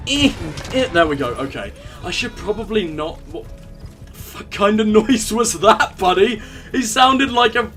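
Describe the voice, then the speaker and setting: A man's voice: a little high, pushed and bright. A young man casually commenting on his gameplay, joking irreverently and talking to the characters on screen. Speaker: let's play gamer.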